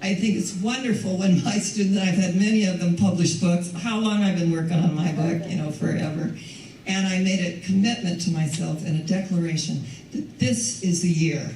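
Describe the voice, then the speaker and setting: Older female minister, mellow voice, easy conversational sermon, distant mic in a reverberant hall. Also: on the low side, moderate pace, slight background noise. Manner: warm, conversational, laughs often. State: recovering from lost voice. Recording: echoey hall from far off.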